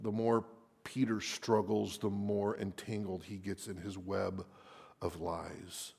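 A man preaching a sermon dramatically, at times dropping into a hushed whisper for emphasis. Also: deep voice, little pitch movement, slow pace, vocal fry, husky.

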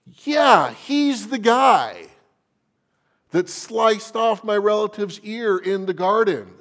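A man shouting as an accusing relative. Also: sits high, lively intonation, slow pace, voice pushed up, heavily acted. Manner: shouting, insistent. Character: angry male relative of Malchus, accusing.

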